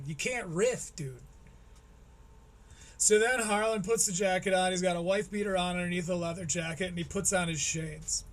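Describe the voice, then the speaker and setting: Male stream host, high voice, sarcastic play-by-play commentary with plenty of swearing. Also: moderate pace, fairly bright tone. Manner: sarcastic, profane, mocking. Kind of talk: live-stream commentary on a clip.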